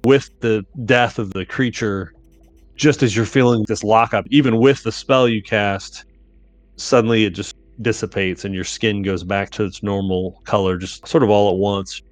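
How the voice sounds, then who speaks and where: A man narrating a tabletop game as game master, calm and descriptive. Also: on the low side, normal speed, dry recording.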